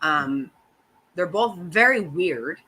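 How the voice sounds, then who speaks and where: A woman's voice: on the low side, expressive, slow, pushed and bright, husky, poor audio. A middle-aged woman hosting a casual chat, ranting bluntly and swearing often. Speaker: host.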